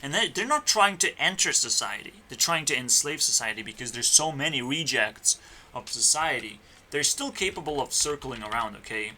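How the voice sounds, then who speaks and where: A man talking as a YouTuber in a rambling solo rant, profane and meandering, swinging between loud outbursts and mutters. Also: mid-range voice, expressive, moderate pace, slight background noise. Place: home computer setup.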